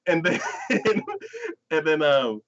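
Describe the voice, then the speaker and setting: A man co-hosting a podcast, chatting casually and acting out anime scenes in lively, excited retellings full of "like.". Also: fairly high pitch, slow. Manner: animated storyteller acting out scenes, frequent "like". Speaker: podcast co-host. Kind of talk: casual anime review chat. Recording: dull lo-fi podcast audio.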